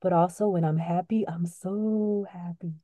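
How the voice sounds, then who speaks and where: A middle-aged woman talks with open, heartfelt emotion in a relaxed podcast conversation, often breaking into laughter. Her tone is soft and mellow, recorded close and dry. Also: fairly low pitch, a little slow, no echo. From Latino family background. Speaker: podcast co-host.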